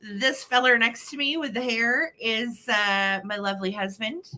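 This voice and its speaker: Female host of a home live-sale stream; chatty and giggly, with a bright, sharp tone. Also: fairly high pitch, steady tone, unhurried. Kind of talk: casual live-stream chat.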